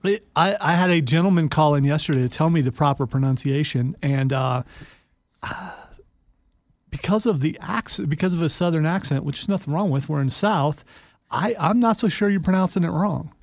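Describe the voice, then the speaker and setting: A man's voice: on the high side, a little fast, dry recording. A radio co-host gives teasing, matter-of-fact replies. He has a slightly raised voice. He is recorded close and dry in a studio. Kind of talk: casual sports radio chat.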